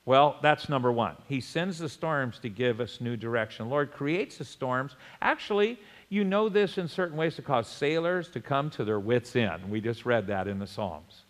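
A male pastor preaching a sermon in a church, with lively bursts and chuckles. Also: mid-range voice, normal speed, hardly any pauses, long reverb tail. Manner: animated preaching with sudden loud bursts and chuckles.

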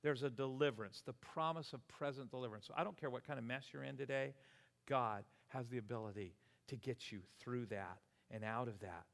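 A man in his sixties preaching a sermon as pastor, animated and exclamatory, often chuckling between points. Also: mid-range voice, brisk, creaky. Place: church sanctuary. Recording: long hall reverb.

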